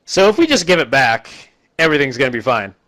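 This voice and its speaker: A man recapping a terrible movie in a casual, rambling, deadpan way, quickly putting on the characters' voices. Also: medium pitch. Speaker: host recapping a bad movie.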